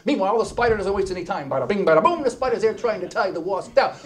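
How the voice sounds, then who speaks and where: A man telling a comic story on stage as a keynote speaker, wisecracking and animated, dropping into hushed asides. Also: extremely high pitch. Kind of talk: stand-up comedy storytelling. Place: stage before a live audience.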